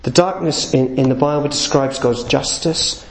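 A man's voice: medium pitch, normal speed, reverberant, poor audio. A man preaching a sermon, earnest and building to emphatic peaks.

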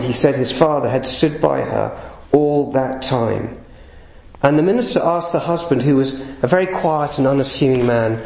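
A man's voice: mid-range voice, a little mellow, reverberant, low-quality recording. A man preaching a sermon, earnest and building to emphatic peaks.

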